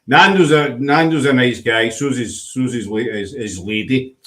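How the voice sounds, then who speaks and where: A man hosts a relaxed live chat show, bantering with his guest and reading viewer messages aloud. His voice sits at an ordinary pitch, and his delivery is easygoing and conversational. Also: normal speed. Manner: chatty, teasing, reads viewer comments aloud. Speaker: host. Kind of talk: casual livestream chat.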